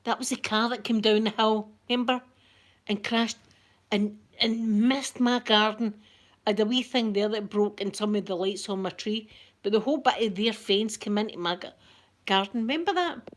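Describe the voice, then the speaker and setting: A middle-aged Scottish woman hosting a soft-spoken ASMR vlog, chatty and rambling, with local words like wee and yous. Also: medium pitch, moderate pace. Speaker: ASMR channel host.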